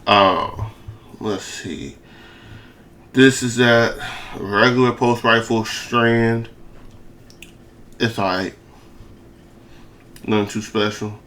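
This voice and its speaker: This young gaming creator speaks very slowly, leaving long pauses, in a lowish, fairly bright voice with fairly even intonation. His casual commentary on the game is energetic and slang-heavy, slurred with a lisp and packed with repeated phrases.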